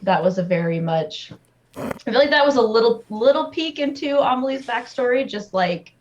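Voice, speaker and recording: A woman's voice: fairly high pitch, animated, moderate pace, dull audio. A woman player chatting casually on a tabletop game stream, playful and self-aware.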